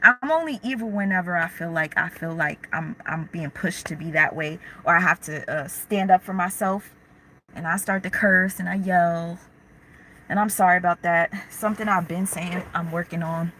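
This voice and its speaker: Bright, slangy woman chatting on a livestream. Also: on the low side, moderate pace, a little hiss or hum, rough recording. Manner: candid, slangy, reads and answers chat comments. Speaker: livestream host. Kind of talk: casual livestream chat.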